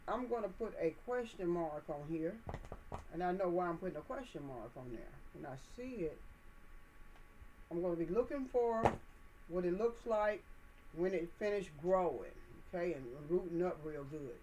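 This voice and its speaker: A woman's voice: fairly low pitch, lively intonation, moderate pace, warm tone, dull audio, slight background noise. A woman hosting a gardening channel, talking viewers through potting plants indoors in a chatty, folksy, encouraging way. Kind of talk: casual how-to demonstration.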